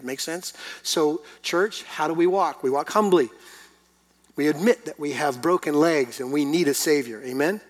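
Middle-aged pastor preaching with emphasis. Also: male voice, fairly high pitch, moderate pace. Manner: storytelling, then emphatic preaching with rhetorical questions. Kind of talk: sermon.

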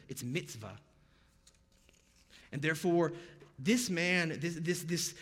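A man's voice: mid-range voice, long reverb tail. An American man preaching a sermon as pastor, conversational and sprinkled with jokey pop-culture asides. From United States.

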